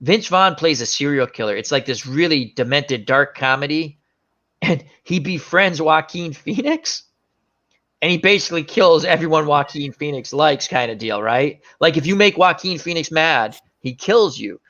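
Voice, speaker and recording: Man, casual chat host, rambling storyteller, searches for names, bright tense voice, slightly dull lo-fi audio. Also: a little high, animated, moderate pace. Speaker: show host. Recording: dull lo-fi sound.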